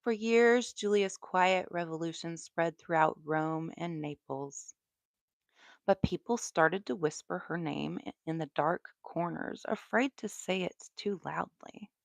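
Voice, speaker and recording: Slow, chatty Southern woman. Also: on the low side, creaky, no echo. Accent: American Southern. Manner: relaxed, chatty, with asides. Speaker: true crime storyteller. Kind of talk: live storytelling.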